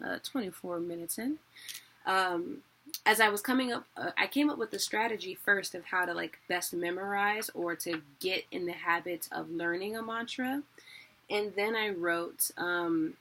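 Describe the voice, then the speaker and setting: A woman giving a casual video lesson, chatty and quick to correct herself. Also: mid-range voice, pushed and bright. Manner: chatty, self-correcting, laughs at own mistakes. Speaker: teacher.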